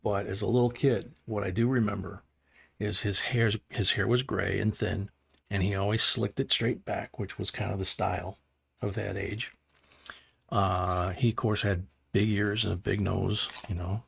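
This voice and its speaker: A man's voice: lowish voice, fairly even intonation, measured pace, vocal fry, slightly rough. An older man hosting a live stream, telling a rambling story in a casual way, chuckling and restarting his sentences. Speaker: host.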